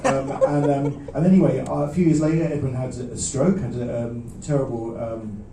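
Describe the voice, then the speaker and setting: A man, a singer-songwriter chatting between songs at a live gig in a halting, self-deprecating way, with many restarts. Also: mid-range voice, steady tone, background noise. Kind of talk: rambling between-song stage banter. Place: small live music venue. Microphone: stage vocal mic. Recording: roomy, distant audience recording.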